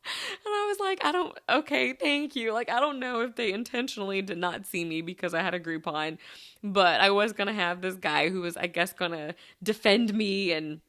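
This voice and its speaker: A woman's voice: medium pitch, expressive, normal speed, a bit bright. A woman podcast host, telling stories in a chatty, casual way with lots of fillers. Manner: chatty storytelling with many fillers. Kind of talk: casual chat.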